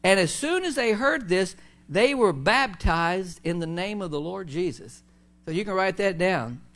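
Male pastor, high-pitched, informal preaching style with fillers. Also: lively intonation, measured pace, a bit bright. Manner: conversational preaching with many fillers and restarts. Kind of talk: sermon.

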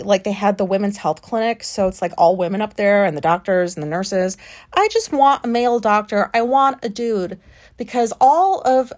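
A woman's voice: mid-range voice, a little mellow. A woman in her late thirties, an anxious and frustrated podcast host, venting in a rambling monologue that is full of swearing and fillers. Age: late 30s. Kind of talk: casual solo podcast monologue.

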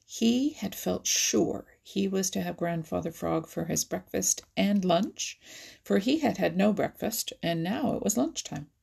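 A woman reading a children's animal story aloud, lively and expressive, sometimes dropping to a whisper. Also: medium pitch, gravelly, slightly rough. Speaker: narrator.

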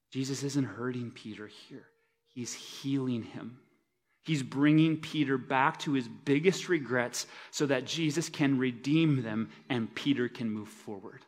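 Guy preaching a sunday sermon, mid pitch, gets loud then drops soft and low. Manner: dynamic, swinging between loud emphasis and soft low asides. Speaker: pastor. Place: church service.

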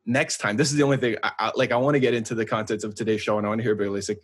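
With a slightly rough, low-leaning voice, this young Canadian podcast co-host talks in a rapid-fire, steady tone. He's chatty and jokey, wandering through rambling stories in casual conversation.

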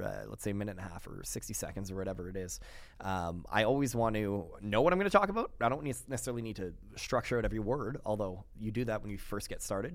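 A young man from Quebec, a radio host guesting on a podcast, talking in a chatty, animated way with many restarts. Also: on the low side, no echo. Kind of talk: casual interview chat.

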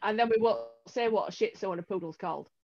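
British woman cohost, mid pitch, playful and easygoing. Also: fast talker, warm tone, muffled recording. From United Kingdom. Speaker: podcast co-host. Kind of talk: casual chat.

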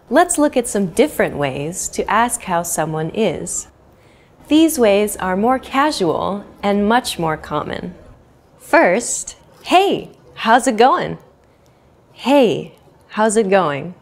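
A young woman teaching an English lesson, speaking slowly and clearly and repeating each phrase for learners. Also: mid-range voice. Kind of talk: scripted language lesson.

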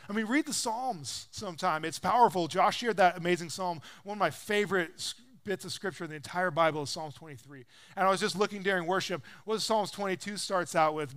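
A man in his thirties preaches in a relaxed, conversational way, his voice sitting fairly high for a man. The tone is smooth and resonant. He leans into his stories and acts out the quotes with lively emphasis. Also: normal speed, few pauses. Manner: animated storyteller, acts out quotes with rising pitch and volume. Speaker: pastor. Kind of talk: casual conversational sermon.

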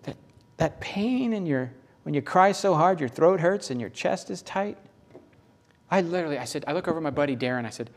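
This middle-aged preacher talks fairly fast with lively intonation, turning his sermon into heartfelt, conversational storytelling punctuated by sudden pitch rises.

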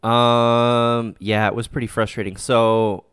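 A man hosting a casual soccer fan podcast, relaxed and rambling, with lots of fillers and easy laughs. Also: medium pitch, slow, clean tone, dry recording, studio quality. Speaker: podcast host.

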